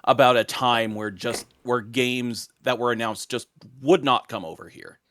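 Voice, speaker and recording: A man's voice: mid-range voice, fairly even intonation, normal speed, fairly bright tone, slight background noise. A man on a gaming podcast, chatting casually and rambling with lots of fillers. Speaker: podcast panelist. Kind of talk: casual chat.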